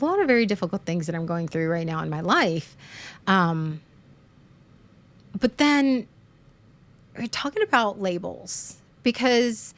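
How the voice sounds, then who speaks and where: A woman hosting a livestream, talking frankly in a halting way with many fillers and restarts, and making fun of herself. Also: lowish voice, fairly bright tone. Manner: frank and self-deprecating. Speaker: livestream host. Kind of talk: candid casual livestream chat.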